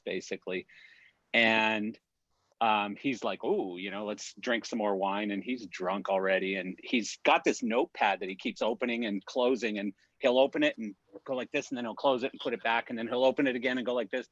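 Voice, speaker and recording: Animated man telling a story on a video call. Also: lowish voice, dry recording, muffled recording. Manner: animated, rambling, with restarts. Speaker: production industry guest. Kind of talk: casual storytelling.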